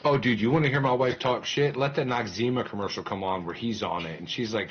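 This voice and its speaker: On a game stream, a man with a fairly low voice keeps up loose, animated chat, cursing freely and bouncing from joke to aside with quick laughs. The lo-fi stream audio sounds muffled, with slight background noise.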